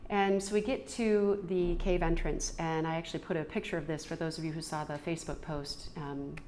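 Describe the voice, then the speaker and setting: A middle-aged woman telling an earnest, reflective personal story, halting now and then with restarts. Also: deep voice, fairly even intonation, darkish tone, slight background noise. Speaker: storyteller sharing a personal experience.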